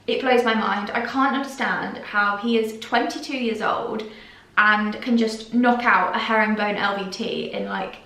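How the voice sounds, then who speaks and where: A woman's voice: medium pitch, fairly even intonation, unhurried, fairly bright tone. A young woman chatting casually to camera at home as a vlogger, gushing and a little emotional. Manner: chatty, gushing, slightly tearful at times. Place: at home indoors. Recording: echoey room, a bit far from mic.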